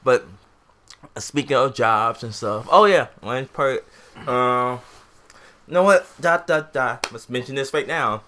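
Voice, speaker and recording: A man's voice: mid-range voice, takes it slowly, pushed and bright. A young man co-hosting a podcast, chatting casually and rambling through stories with a lot of "like" and some swearing. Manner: rambling, swears, retells with lots of "like". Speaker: podcast co-host. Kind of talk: casual chat.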